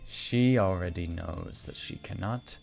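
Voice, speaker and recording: A sarcastic, scoffing corrupt official, as a man puts him on, who is being held captive. His voice sits low. Faint music plays under him. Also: measured pace, creaky, a little mellow, exaggerated voice.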